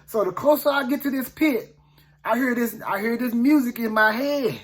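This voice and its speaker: A man's voice: extremely high pitch, lively intonation, moderate pace, a bit bright. A man, a preacher telling a Bible story casually in the first person, in a folksy, conversational way with many asides to the listener. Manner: folksy, conversational, often asks "you know what I'm saying".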